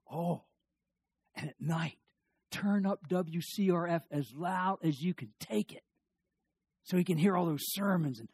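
A man preaching a sermon in a folksy, animated way, telling stories with quick asides and jokes. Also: on the high side, breathy edge, no echo. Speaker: pastor.

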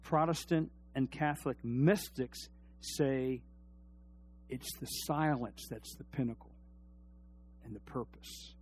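A man preaching a sermon, dropping to a near hush and then rising to loud, emphatic shouts, and putting questions to his congregation. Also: medium pitch, slow, pauses often, a little hiss or hum. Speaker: pastor.

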